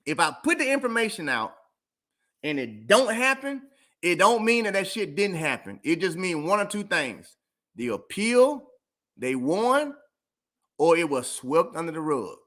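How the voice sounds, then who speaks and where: Slangy black guy going off on his show, bright voice. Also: sits high, big pitch swings, measured pace. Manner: emphatic, repetitive, slangy. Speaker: vlog host. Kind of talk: animated casual rant.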